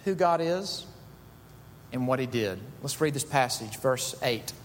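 A man preaching a sermon as pastor, emphatic, rising to high bursts on key words. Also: lively intonation, unhurried, in a large hall, slight background noise.

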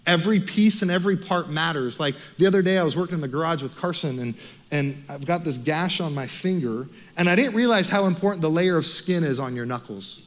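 A man with an American accent preaching a sermon as pastor, animated and conversational, asking the congregation rhetorical questions. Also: fairly high pitch, fast talker.

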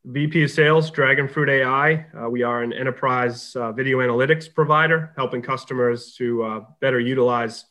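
A man in his forties with a Boston accent, a podcast guest talking in a relaxed way, pausing often with fillers. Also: medium pitch. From Boston area, USA. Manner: relaxed, hesitant with many fillers. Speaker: guest, sales executive. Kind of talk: casual interview chat.

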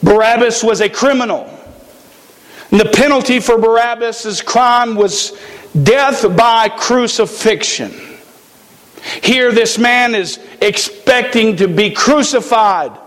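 A man preaching a sermon in a church, slow and emphatic with dramatic pauses. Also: very high-pitched, a bit bright, big-room sound. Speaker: pastor.

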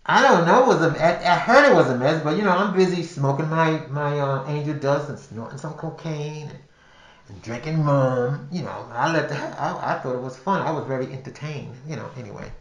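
A man's voice: a little high, a little fast. An older man telling a personal story casually, rambling with restarts and repeated words. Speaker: podcast storyteller. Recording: roomy echo.

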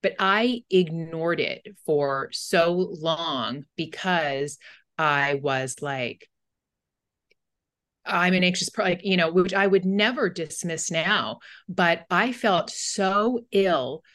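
Rambling, candid woman with a low voice. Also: expressive, slow pace, a bit bright. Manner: candid, rambling storytelling with many fillers. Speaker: podcast co-host and anxiety coach. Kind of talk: casual podcast conversation.

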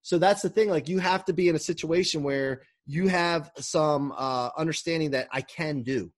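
This man, a coach, speaks at a moderate pace in a slightly high voice. Guesting on a podcast from his home during quarantine, he keeps the interview talk casual and eager, rambling and frequently starting over.

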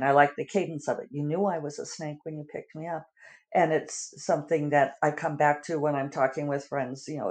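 A woman's voice: low-pitched, darkish tone. A woman writer chatting casually through her weekly video update, rambling with lots of fillers and little laughs. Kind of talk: casual chat.

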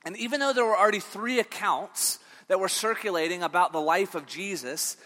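High bright-voiced man preaching. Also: brisk, in a large hall. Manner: conversational storytelling with frequent fillers and restarts. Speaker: pastor. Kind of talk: sermon. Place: church sanctuary.

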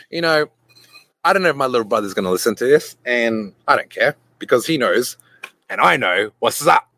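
A young adult man hosting a podcast, telling a casual story full of cursing, who jumps into quick voices for the people in his anecdote. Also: medium pitch, dry recording. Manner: animated, swears freely, acts out voices in anecdotes. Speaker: podcast host.

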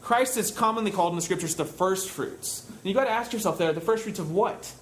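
Slightly high-voiced conversational preacher. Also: male voice, a little fast, a little hiss or hum, rough recording. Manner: conversational, with frequent fillers and soft hushed quotes. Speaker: pastor. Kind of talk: sermon.

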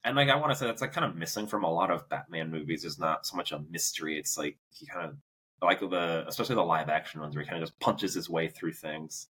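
A man's voice: low voice, fast talker, sharp tone, slightly rough. A man co-hosting a podcast, chatting casually about a film in a rambling way with many fillers. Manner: rambling, lots of "like" fillers, laughs often. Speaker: podcast co-host. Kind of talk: casual movie review chat.

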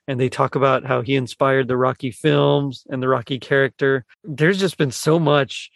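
A man hosting a casual movie podcast, talking in a rambling, halting way with lots of fillers and restarts. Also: mid-range voice, fairly even intonation, creaky, no room sound, clean studio sound. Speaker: podcast host.

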